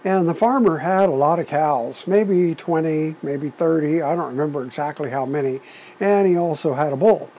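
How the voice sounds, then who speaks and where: A man's voice: on the high side, normal speed, dark tone, slight background noise, rough recording. A man telling a personal anecdote in a folksy, chuckling way, adding sound effects as he goes. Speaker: storyteller.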